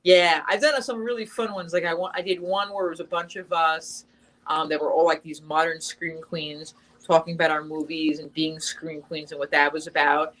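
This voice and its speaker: A woman's voice: low-pitched, level tone, moderate pace, fairly bright tone, low-quality recording. A young adult woman chatting casually in an interview as the guest actress, talking in long runs with lots of fillers and restarts.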